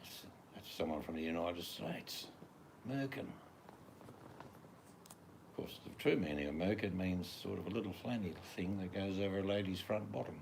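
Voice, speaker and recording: A man's voice: sits low, fairly even intonation, a little fast, creaky, few pauses, a little mellow, a little hiss or hum. An older man with an Australian accent, chatting casually in a laid-back, slang-filled drawl outdoors in his garden. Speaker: vlogger. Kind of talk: casual vlog chat.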